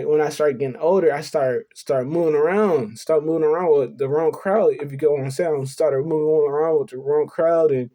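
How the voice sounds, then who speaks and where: A young male vlogger with a mellow, somewhat high voice shares a personal story earnestly and confessionally. He rambles, repeats himself, and keeps saying "you know what I'm saying."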